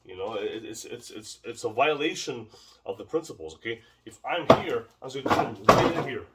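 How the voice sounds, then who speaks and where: A man's voice: mid-range voice, expressive, fairly quick. Man, martial arts instructor, casual demo lesson, emphatic rambling delivery, distant camera mic, background noise. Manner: rambling, repeats words, emphatic. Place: home training space.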